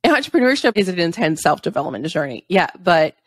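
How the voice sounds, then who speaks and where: A woman's voice: lowish voice, very animated, fast talker, no echo, clean studio sound. A woman hosting a podcast interview, blunt and enthusiastic, swearing and laughing often. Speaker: podcast host.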